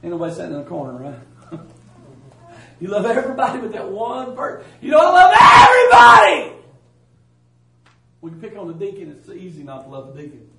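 Man preaching, folksy and emphatic, higher voice, echoey church, mic at a distance. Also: very animated, fast talker, vocal fry, background noise. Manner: folksy, emphatic, swings from loud to hushed. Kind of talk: sermon. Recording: roomy church sound from a distance.

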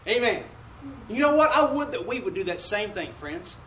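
High-voiced preacher in an echoey church. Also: male voice, sing-song, fairly bright tone, far from the mic, slight background noise. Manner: preaching call-and-response, asking "Amen?"; drawls mock King James commandments slowly. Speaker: pastor. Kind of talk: sermon. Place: church sanctuary.

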